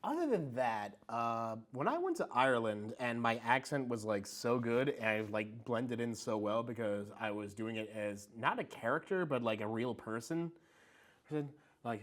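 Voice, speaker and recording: A man's voice: mid-range voice, expressive, normal speed. A man co-hosting a casual podcast chat in a library podcast room, loose and joking, swearing casually. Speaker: podcast co-host.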